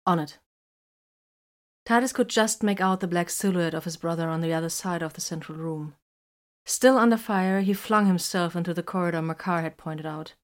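Low-voiced woman narrating a story. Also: fairly quick. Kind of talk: scripted narration.

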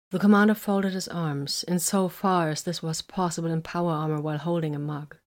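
A woman narrating a science fiction audiobook in an even, measured reading. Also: fairly low pitch.

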